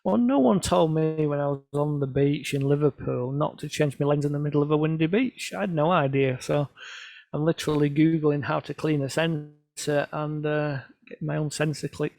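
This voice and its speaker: Middle-aged man, gravelly storyteller, lightly raised pitch, dry recording. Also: normal speed, darkish tone. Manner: storytelling, self-deprecating, quoting others in voices. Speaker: photographer presenting his work. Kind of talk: casual anecdotal talk to an audience.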